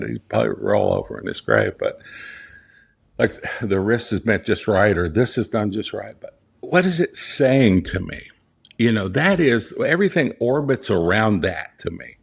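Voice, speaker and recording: Here a middle-aged man with a Southern US accent, who runs a portrait photography studio, is an interview guest there, telling conversational stories. His voice is lowish, creaky and slightly rough. He's earnest and emphatic, often restarting and repeating key phrases.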